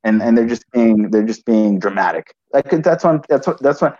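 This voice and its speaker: A man's voice: medium pitch, lively intonation, mellow, dull audio. A man telling a personal story in conversation, restarting often and adding "right?" as he goes. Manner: halting, frequent restarts and "right?" tags.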